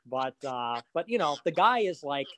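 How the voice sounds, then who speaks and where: A man's voice: on the high side, big pitch swings, moderate pace, bright, forceful tone. A man hosting a casual podcast chat, rambling and profane, with frequent fillers and mocking asides.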